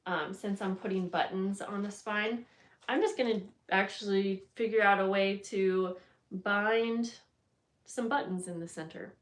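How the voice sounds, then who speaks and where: A woman of medium pitch talks casually on a live craft stream while binding a journal in her home studio. She greets viewers by name between steps and thinks aloud in a chatty, scattered way as she works. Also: a little slow. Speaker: bookbinding crafter hosting a livestream.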